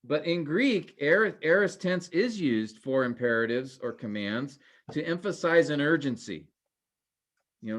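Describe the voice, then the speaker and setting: A man teaching a Greek grammar class online, asking questions and explaining with many pauses. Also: mid-range voice, animated.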